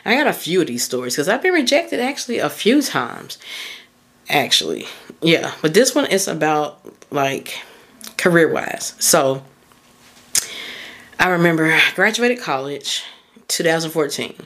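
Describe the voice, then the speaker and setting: This mindset coach's podcast features her deep, fairly bright voice with big pitch swings, an unhurried pace and long pauses. She speaks casually and candidly through personal stories, her motivational talk loosely phrased and full of fillers.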